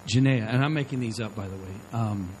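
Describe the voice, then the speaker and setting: Male preacher, handheld mic, animated storytelling, faint noise behind. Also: lowish voice, a little fast, low-quality recording. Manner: animated, acts out quotes of the people in his stories. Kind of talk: sermon storytelling to a live audience. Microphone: handheld microphone.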